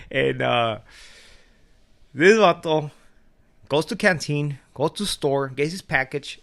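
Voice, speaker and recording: A vlogger with a gravelly, fry-edged voice at a mid-range male pitch rants casually to camera. He's loose and profane, telling stories in street slang and laughing often, and his tone is fairly bright.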